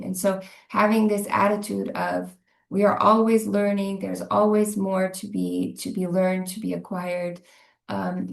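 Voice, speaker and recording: Earnest Northern Irish woman, gravelly. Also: fairly low pitch. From Northern Ireland. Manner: thoughtful, earnest, restarts words. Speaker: English language teacher, guest. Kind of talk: interview answers. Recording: echoey room.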